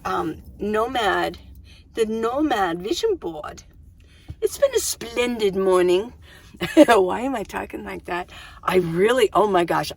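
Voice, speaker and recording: A woman's voice: medium pitch, breathy edge. Chatty, rambling middle-aged woman vlogger. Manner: chatty and rambling, with frequent restarts. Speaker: van-life vlogger. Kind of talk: casual chat to camera. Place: inside her minivan.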